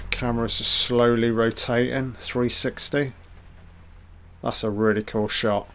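Slow, sarcastic man. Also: mid-range voice, steady tone, gravelly, fairly bright tone. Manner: sarcastic and profane, laid-back asides. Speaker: film commentator. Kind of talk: casual film commentary.

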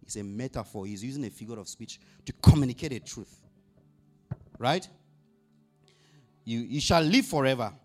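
A man's voice: medium pitch, expressive, normal speed, long pauses, a little mellow, faint music behind. A male pastor preaching a sermon, asking the congregation questions and rising to emphatic bursts on scripture.

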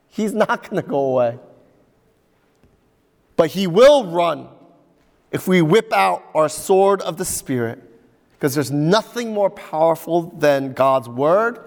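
Guy pastor preaching, chatty storytelling, high-ish voice, big reverby hall. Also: unhurried. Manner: animated storytelling, conversational asides. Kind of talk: sermon.

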